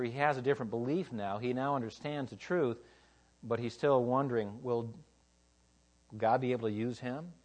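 Animated male preacher telling a story. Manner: animated storytelling, rises for quoted lines and drops low for somber points. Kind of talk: sermon.

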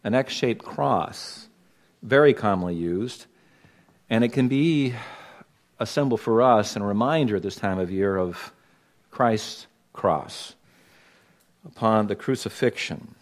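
A man's voice: lowish voice, a little slow, pauses often. A man from Los Angeles preaching a sermon to his congregation, pointed and emphatic, leaning hard on key words. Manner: emphatic, pointed preaching with sudden loud stresses. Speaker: pastor.

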